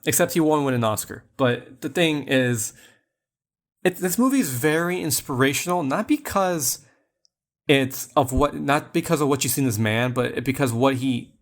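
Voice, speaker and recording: A man talking casually on a podcast as co-host, rambling through a film review. His delivery is loose and chatty, full of "like" and restarts, at a moderate pitch.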